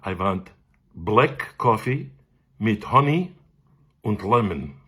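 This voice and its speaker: A man's voice: lowish voice, lively intonation, slow pace, fairly bright tone, breathy edge, exaggerated voice. An older man voicing a pompous, heavyset Viennese male voice teacher with a German accent, grand and commanding. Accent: German-accented English.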